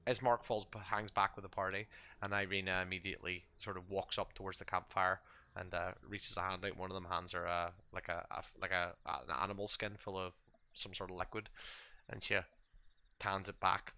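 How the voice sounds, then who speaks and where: Brief: deep steady male game master, tense tone, stop-start narration. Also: clear, resonant tone, lo-fi sound. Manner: halting, with many fillers and restarts.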